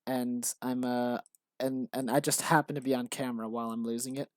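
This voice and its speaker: A man streams while building his own game, offering casual live commentary that rambles and interrupts itself, with many fillers and restarts. His mid-range voice is brisk with little pitch movement, and the clean studio sound has no echo.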